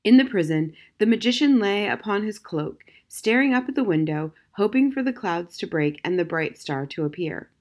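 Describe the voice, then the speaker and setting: Gentle woman reading a storybook aloud. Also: mid-range voice, animated, moderate pace, few pauses. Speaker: audiobook narrator. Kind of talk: scripted storybook narration.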